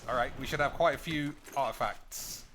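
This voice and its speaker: A man's voice: mid-range voice, normal speed, a bit bright, a little hiss or hum. A man streaming a card game, thinking aloud with crude, joking banter. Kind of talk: casual gameplay commentary.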